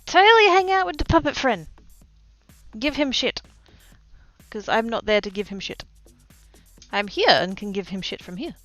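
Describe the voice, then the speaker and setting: Woman, livestreamer, casual chat from home, playful, high squeals, lively swooping pitch, faint background music. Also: moderate pace, pauses often, no echo. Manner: reads and answers chat as she goes.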